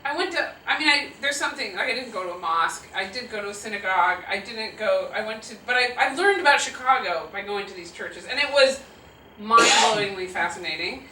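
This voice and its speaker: A woman in her fifties, a guest speaker answering audience questions, telling stories in an animated, laughing, self-deprecating way. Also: medium pitch, brisk, background noise. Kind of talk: live audience Q&A storytelling. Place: auditorium with audience. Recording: roomy hall sound from a distant mic.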